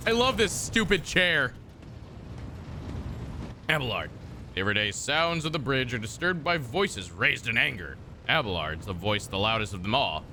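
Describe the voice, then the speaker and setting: A man's voice: lowish voice, very animated, normal speed, sharp tone, slight background noise. A man streaming a game, reading its text aloud and joking with chat in a casual, profane, mock-exasperated way from his desk.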